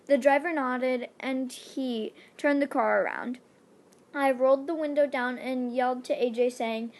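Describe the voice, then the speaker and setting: A woman's voice: high voice, normal speed. A young woman reading her own fanfiction aloud, playful, with dramatic asides. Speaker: fanfiction reader.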